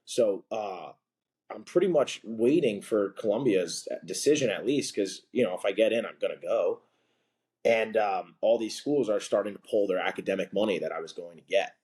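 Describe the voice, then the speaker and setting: Man, podcast guest, lowish voice, rambling chatty storyteller, laughs often between phrases. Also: normal speed, a little mellow. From from a blue-collar family. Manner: loose and chatty, heavy with "like" and "you know", laughs between phrases. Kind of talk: casual storytelling in conversation.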